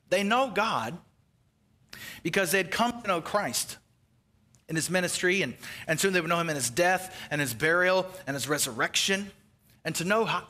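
A male pastor preaching a sermon, animated, acting out the Bible's dialogue and now and then dropping to a near-whisper. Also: sits high.

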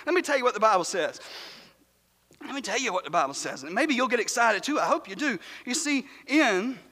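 A man preaching a fervent, shouted sermon in church, repeating phrases for emphasis. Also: very high voice, big pitch swings, fairly quick, big-room sound. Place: church sanctuary.

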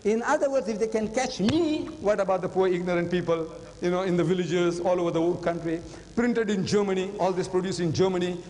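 An older man addresses a live audience in a lecture hall, his voice sitting noticeably high. He tells his story dramatically, repeating phrases for weight. The sound carries a long hall reverb and a faint electrical hum. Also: brisk, a little mellow. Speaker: public lecturer.

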